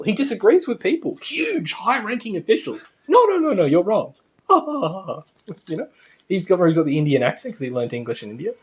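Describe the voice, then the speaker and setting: A man's voice: fairly high pitch, breathy edge. A man giving a casual spiritual lecture to a class, chatty and anecdotal, often laughing.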